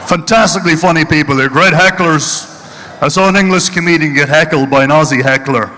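Irish stand-up man, mid-life, bright and forceful delivery, a little higher pitch, hall echo. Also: a little fast. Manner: punchy, mocking storyteller. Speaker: stand-up comedian. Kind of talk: live stand-up comedy. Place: stage at a charity event hall.

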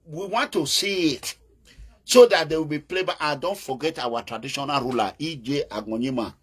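A man's voice: on the high side, moderate pace, husky. A Nigerian man with an Edo accent, giving an emphatic casual political monologue, mixing in Pidgin and breaking into calls. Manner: emphatic, bursts into chanting and calls, mixes in Pidgin. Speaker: political commentator.

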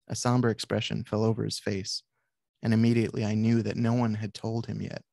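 Author reading, male, flat and gravelly, dry close sound. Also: on the low side, dry recording. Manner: measured, with brief asides to the audience. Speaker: author and psychiatrist. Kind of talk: reading aloud from his book.

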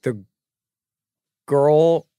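A man's voice: a little high, drawn-out words, smooth, no room sound, studio quality. A man co-hosting a podcast, talking casually about a film and acting out little scenes with lots of "like"s. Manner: animated, acts out quotes, many "like"s. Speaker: podcast co-host. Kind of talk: casual movie chat.

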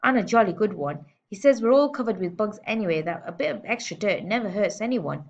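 A woman's voice: mid-range voice, lively intonation, a little fast, pitched above the performer's own voice. A woman reading aloud and voicing a brave, cheeky small schoolboy who answers politely but boldly; dull lo-fi recording.

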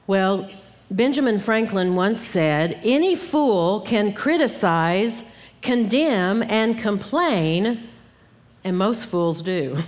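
A middle-aged woman giving an earnest Bible teaching talk at a conference, acting out grumbling asides as she goes. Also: mid-range voice. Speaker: conference speaker. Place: church hall. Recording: long hall reverb.

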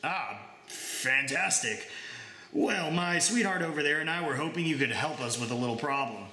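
A breezy, polite space alien chats casually and a little condescendingly, as a man reading a story puts it on. The voice is bright and slightly raised, and the room echoes. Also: fairly high pitch, lively intonation, moderate pace. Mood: chatty. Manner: casual, chatty, mildly condescending.

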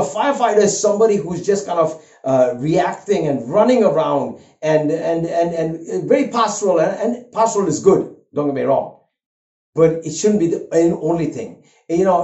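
An older man preaching a sermon, an earnest and animated storyteller who weaves a personal story into his message. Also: a little high. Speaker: pastor. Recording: roomy, dull lo-fi sound.

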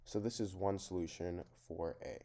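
A man's voice: sits low, steady tone, moderate pace, warm tone. A man teaching a math lesson, talking through each step in a plain, methodical way. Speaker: math tutor.

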